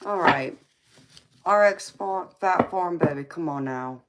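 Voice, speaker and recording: A woman from the American South, voice on the low side, hosts a casual tarot livestream at a measured pace. Her Southern accent is heavy, heavy background noise fills the clip, and she laughs often while teasing viewers with sass and calling them honey and baby.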